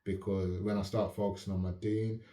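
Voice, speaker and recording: Calm man with a dark, roomy sound. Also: deep voice. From United Kingdom. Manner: calm, measured, checks if listener follows. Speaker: channel host. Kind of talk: reflective casual talk to camera. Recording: roomy echo.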